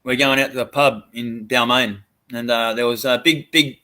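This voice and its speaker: A man's voice: mid-range voice, steady tone, normal speed, pushed and bright. A man with an Australian accent chatting casually, laid-back and rambling with lots of fillers. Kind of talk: casual chat.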